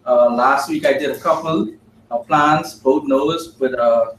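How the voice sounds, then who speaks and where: Man, plain, halting with uhs, meeting report, faint ambience, roomy. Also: mid-range voice, fairly bright tone, recorded from a distance, slight background noise. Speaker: team member giving a report. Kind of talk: casual group meeting report. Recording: echoey room mic from afar, light ambience.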